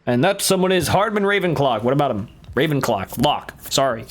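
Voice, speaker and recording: A man streaming a video game with casual, excitable commentary, swearing and laughing often. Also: on the high side, quick pace. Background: faint game music.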